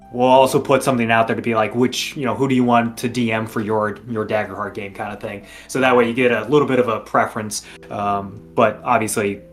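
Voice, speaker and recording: A man co-hosting a casual online chat show and serving as game master, speaking in a laid-back, joking way. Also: mid-range voice. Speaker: podcast co-host and game master.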